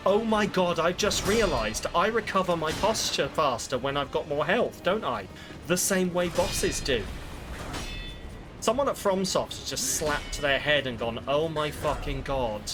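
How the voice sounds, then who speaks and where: A man streams a video game, rambling and mocking himself with frequent swearing in casual commentary. His voice is a little high, expressive and a little slow, and game music plays clearly in the background.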